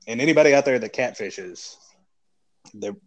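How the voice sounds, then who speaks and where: A man's voice: medium pitch, expressive, normal speed, rough recording. Tired man telling a fishing story. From Southeastern United States. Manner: easygoing storyteller, trails off and restarts. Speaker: podcast co-host. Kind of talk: casual podcast chat.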